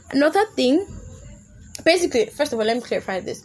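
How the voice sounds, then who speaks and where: A woman's voice: high-pitched, sing-song, quick pace, a little mellow, breathy edge. A young adult woman hosting a casual comedic podcast, chatty and laughing often as she slips into put-on voices. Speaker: podcast host.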